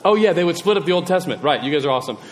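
A man's voice: on the high side, expressive, very fast, a little hiss or hum. A male preacher giving a casual sermon, chatty and rambling, with self-deprecating digressions and questions to the congregation. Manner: chatty, asks the audience questions.

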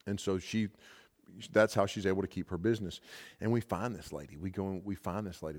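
Male pastor, very low voice, loose rambling sermon delivery, long hall echo. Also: a little mellow. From United States. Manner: casual, rambling, with many fillers and restarts. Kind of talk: storytelling sermon. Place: large hall at a camp session.

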